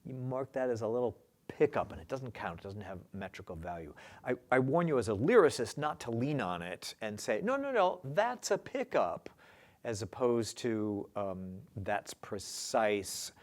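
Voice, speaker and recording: A man's voice: fairly low pitch, normal speed, few pauses. A man teaching a lesson on lyric scansion, chanting stresses and rhythms aloud as he marks them. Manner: lively, sing-song demonstration of rhythms.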